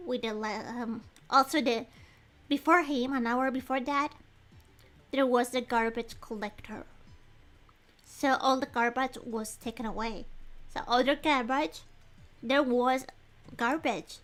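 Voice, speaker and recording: A woman with a high-sitting voice livestreams a detective game, chatting casually as she reads clues and thinks out loud. Her talk is rambling, apologetic and excitable.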